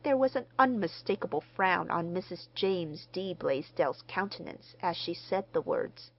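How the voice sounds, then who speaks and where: A woman narrating an audiobook in a measured, expressive reading. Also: on the low side, highs cut off. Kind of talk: scripted narration.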